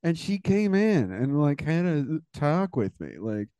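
A man's voice: fairly high pitch, very animated, measured pace, few pauses, warm tone, no echo. A man co-hosting a podcast in casual chat, joking and self-mocking. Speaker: podcast co-host.

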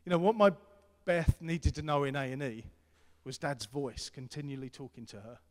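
Earnest preacher in a reverberant hall. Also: male voice, on the high side, moderate pace. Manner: earnest, repetitive, swings from loud to hushed. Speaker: pastor. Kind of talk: sermon.

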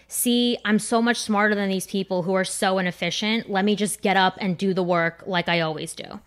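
Animated woman telling a comic story. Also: medium pitch, a little fast. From New Jersey. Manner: animated, acts out quoted voices. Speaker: comedian guest. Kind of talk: casual podcast storytelling.

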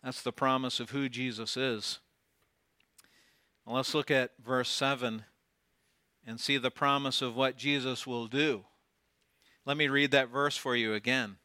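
A man preaching a sermon, swinging from loud declarations down to near whispers and putting rhetorical questions to his congregation. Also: mid-range voice, fairly even intonation, measured pace, long pauses, no room sound, clean studio sound. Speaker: pastor.

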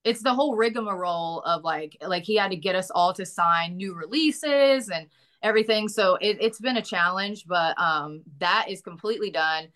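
Chatting casually in an interview, a Southern US actress laughs often and swears now and then. She speaks at a moderate pace in a mid-range, fairly bright voice.

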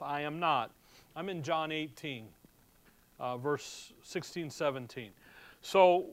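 A man's voice: high-pitched, a bit bright, clean tone, no room sound. A man teaching through a Bible passage verse by verse, reading scripture aloud and then explaining it in a casual, chatty way.

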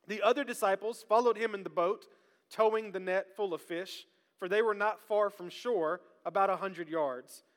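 A high, bright male voice with a drawl, preaching to his congregation. He keeps things lively and pulls the room into call-and-response. His voice rings out with a long reverb that fills the large church hall. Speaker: pastor. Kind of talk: sermon. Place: church sanctuary.

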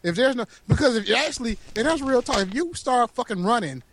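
A man's voice: very high-pitched, expressive, fast, fairly bright tone, a little hiss or hum. A man co-hosting a podcast in casual, profane banter, laughing and teasing. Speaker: podcast co-host.

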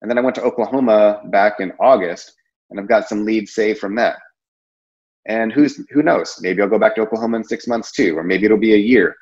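A man's voice: lowish voice, fairly quick, a little mellow, muffled recording. A man giving a casual sales training talk, rambling and conversational with many fillers and restarts. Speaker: insurance sales presenter.

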